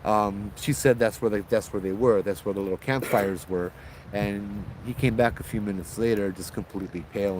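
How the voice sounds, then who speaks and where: Low-voiced man telling ghost stories. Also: normal speed, a little hiss or hum, poor audio. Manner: loose, animated, with repeated restarts and fillers. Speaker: ghost story host. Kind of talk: casual spoken ghost storytelling.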